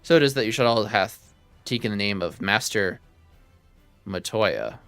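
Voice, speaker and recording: Brief: man voicing solemn old-tongue elf sage from a fantasy game, bright low voice, dry sound. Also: lively intonation, moderate pace, smooth, no echo, soft background music. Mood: solemn, formal. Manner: old-fashioned formal phrasing, read aloud. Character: archaic-speaking male elf scholar, solemn and wordy. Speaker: streamer reading game dialogue.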